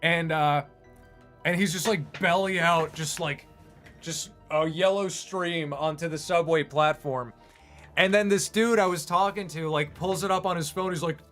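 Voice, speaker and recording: A man's voice: fairly high pitch, fairly even intonation, measured pace, a bit bright, faint music behind. A man who animates online, chatting casually on a livestream in a rambling, self-deprecating way. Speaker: streamer and animator.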